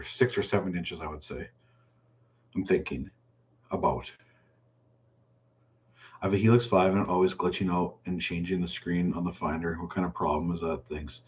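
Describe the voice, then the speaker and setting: A man hosting a fishing channel's live chat, reading viewer questions aloud and answering them in a relaxed, chatty way. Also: on the low side, muffled recording. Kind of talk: casual live stream chat.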